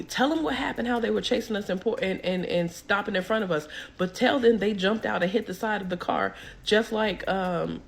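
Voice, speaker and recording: A young woman, telling a story casually and acting out the people she quotes. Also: fairly low pitch.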